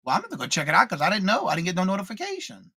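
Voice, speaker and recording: A man's voice: high-pitched, huge pitch swings, rapid-fire, sharp tone, slightly rough, no room sound. A man co-hosting a morning live stream, chatting casually, reading out viewer comments and greeting each viewer by name with the same welcome.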